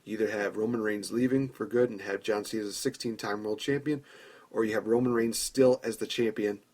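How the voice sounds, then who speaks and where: Husky low-voiced man chatting casually. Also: fairly even intonation, brisk, a little mellow. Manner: chatty storyteller who acts out imagined dialogue. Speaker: podcast host. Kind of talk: casual fantasy-booking commentary.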